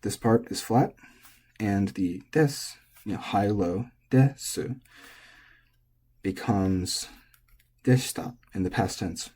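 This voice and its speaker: A man teaching pitch in a relaxed, casual lesson, thinking aloud as he goes. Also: slow, husky. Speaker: language teacher.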